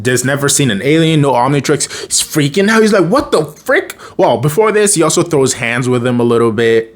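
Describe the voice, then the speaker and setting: A man casually recapping a cartoon episode in a rambling way, with lots of fillers and restarts. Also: medium pitch. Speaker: cartoon reviewer.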